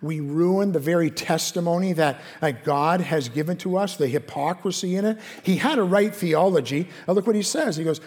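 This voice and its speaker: Male pastor, higher voice, earnest conversational sermon with rhetorical questions, long hall reverb. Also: expressive, moderate pace, hardly any pauses.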